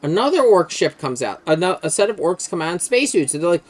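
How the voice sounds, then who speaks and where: Excitable rambling game streamer. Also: medium pitch, quick pace, few pauses. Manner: enthusiastic, rambling, swears freely, many fillers. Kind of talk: casual lore explanation on a game stream.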